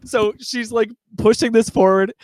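A man co-hosting a movie podcast chats casually and apologetically, laughing through his stories. His very high voice has fairly even intonation and a darkish tone at a moderate pace, with no room sound.

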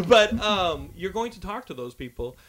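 Fairly high-voiced guy hosting a podcast, rambly and excitable, swears a lot. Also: moderate pace. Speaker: podcast host. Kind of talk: casual chat.

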